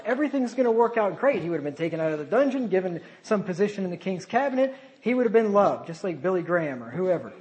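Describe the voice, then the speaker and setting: A man preaching a sermon, animated, with sarcastic asides and sudden drops to a quieter voice. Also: on the high side, poor audio.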